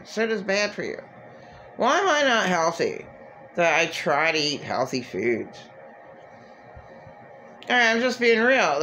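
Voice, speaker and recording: A woman's voice: sits low, fairly bright tone, a little hiss or hum. A woman vlogger venting in a rambling, agitated, profane monologue.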